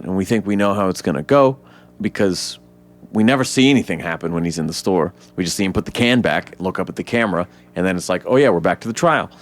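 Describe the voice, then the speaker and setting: A man co-hosting a podcast, casually retelling a movie scene by scene and jumping into high voices to act out the characters. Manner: animated storyteller, acts out characters in high voices. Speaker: podcast co-host. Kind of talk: casual film recap chat.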